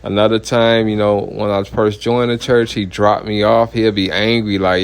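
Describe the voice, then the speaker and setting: A man's voice: on the low side, little pitch movement, moderate pace, few pauses, clear, resonant tone. A man, a minister giving a heated, blunt personal testimony full of profanity and repeated "you know what I mean".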